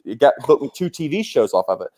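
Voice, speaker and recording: A comedian spins fast, profane stories, his voice climbing high whenever he mimics someone. His voice sits at an everyday middle pitch for a man. He sounds like a lively young adult. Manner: animated, swearing, jumps into high voices for quoted people. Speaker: comedian guest. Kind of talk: casual storytelling.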